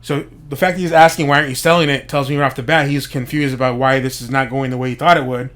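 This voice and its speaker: A man's voice: mid-range voice, little pitch movement, quick pace, a bit bright. A man giving a casual, profane commentary monologue as a show host, speculating and explaining wrestling slang. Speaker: podcast host.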